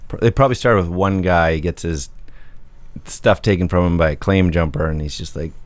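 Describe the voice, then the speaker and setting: A man's voice: low-pitched, a little fast, no room sound. A man co-hosting a podcast in casual, joking chat, rambling and laughing often. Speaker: podcast co-host.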